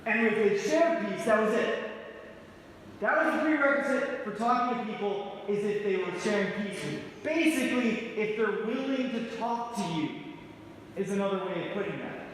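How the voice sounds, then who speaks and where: A man's voice: sits high, animated, moderate pace, a bit bright, a little hiss or hum. A man preaching a conversational sermon as pastor, telling stories with jokes and asking his congregation questions. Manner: joking, storytelling, asks the congregation questions. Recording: echoey church hall with long reverb.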